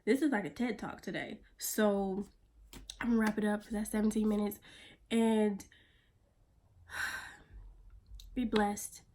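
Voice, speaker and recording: A woman vlogging in a blunt, profane pep-talk manner, sometimes dropping her voice to a soft near-whisper. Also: mid-range voice, steady tone, slow pace, pauses often. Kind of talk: casual motivational vlog talk.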